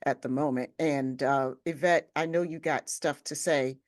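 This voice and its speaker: A woman's voice: rumbling low, steady tone, moderate pace, no echo, studio quality. A woman co-hosting a livestream panel, chatting casually and laughing often. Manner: laughs often, warm interjections. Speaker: co-host.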